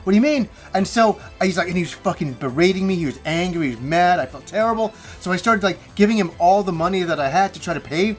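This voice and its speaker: Man, high voice, middle-aged, animated storyteller, swears, faint music behind. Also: fast, hardly any pauses. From Canada. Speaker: host. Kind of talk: casual chat.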